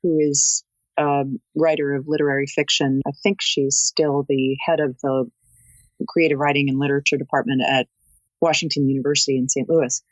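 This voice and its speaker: A woman audiobook narrator talking as a guest in an interview, articulate and expressive like a storyteller. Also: a bass voice, moderate pace, no echo, highs cut off. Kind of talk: interview conversation.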